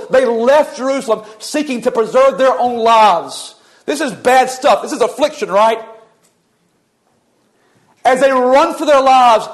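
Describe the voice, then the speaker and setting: A male pastor delivering a sermon, retelling scripture as a vivid, flowing story. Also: very high voice.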